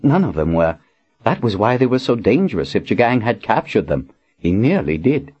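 A man voicing a dry, sharp-tongued elderly woman who is a retired prelate. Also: lowish voice, sing-song, moderate pace, breathy edge, muffled recording, voice pushed up.

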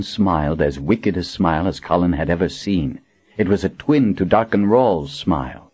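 A man narrating a dark fantasy audiobook with a dramatic, expressive reading. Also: deep voice, normal speed, slightly rough, dull audio.

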